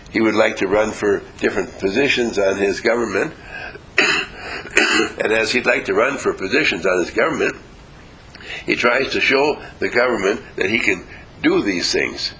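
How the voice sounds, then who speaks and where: A man leading a motivational seminar before a live audience, acting out little dialogues and coaxing the room to answer louder. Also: on the low side, slight background noise, poor audio. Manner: animated, acts out little dialogues. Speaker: seminar leader.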